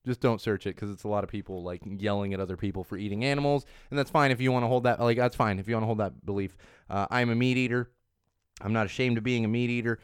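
A man's voice: on the low side, fairly even intonation, quick pace, smooth, no room sound, studio quality. A man in his thirties chatting casually about trending topics as a host, rambling and often restarting his sentences. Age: 30s. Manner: chatty, rambling, self-correcting with frequent restarts. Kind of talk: casual chat on social trends.

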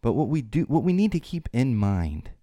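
A man's voice: mid-range voice, big pitch swings, moderate pace, warm tone, no echo, studio quality. A man hosting a solo podcast, talking in a rambling way with restarts and fillers, and getting more emphatic when he stresses a point. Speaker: podcast host.

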